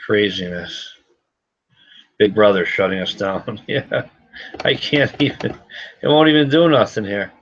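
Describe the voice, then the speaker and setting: A man's voice: fairly low pitch, a little slow, pauses often, fairly bright tone. A man hosting a casual livestream, talking to viewers in a frustrated, repetitive, muttering way. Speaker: gun shop livestream host. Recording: slightly dull lo-fi sound.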